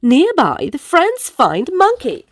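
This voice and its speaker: A woman reading picture books aloud to children in an animated, sing-song way. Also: sits high, slow pace, background noise. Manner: animated, sing-song, playful sound effects. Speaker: storyteller. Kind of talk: picture-book read-aloud for kids.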